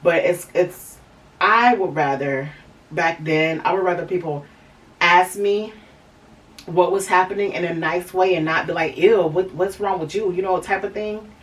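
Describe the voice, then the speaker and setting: A woman's voice: on the low side, unhurried, distant mic, poor audio. A woman hosting a podcast, telling a candid personal story in a rambling way, with lots of fillers and restarts. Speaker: podcast host.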